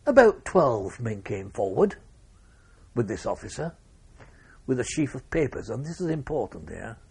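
An older man, telling an interviewer his wartime memories in a measured way, with pauses and restarts. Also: medium pitch, very animated, creaky, darkish tone, slightly rough. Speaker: war veteran interviewee. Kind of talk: oral history interview.

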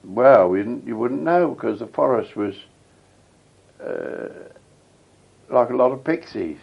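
A man's voice: medium pitch, animated, measured pace, creaky, slightly rough, muffled recording. An elderly man with a rambling, reminiscing way of telling stories, interviewed for an oral history. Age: older. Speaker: veteran interviewee.

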